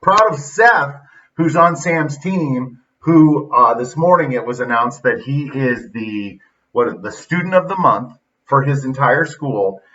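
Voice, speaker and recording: A man's voice: medium pitch, animated, slow, bright, forceful tone, recorded from a distance. A middle-aged man hosting a casual motivational monologue, blunt and folksy, retelling stories with quoted dialogue. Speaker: podcast host and youth football coach. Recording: dull lo-fi sound, slightly off-mic.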